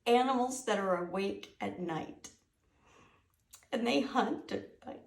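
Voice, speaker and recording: A woman giving a lively, playful wildlife lesson to a classroom. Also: medium pitch, slow, gravelly. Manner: animated, playful, teasing. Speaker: wildlife educator. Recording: echoey room, mic at a distance.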